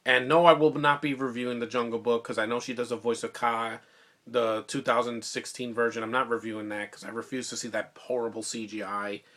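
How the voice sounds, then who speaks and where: A man talking casually into a phone mic, giving a rambling, excitable movie review full of restarts. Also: mid-range voice, brisk.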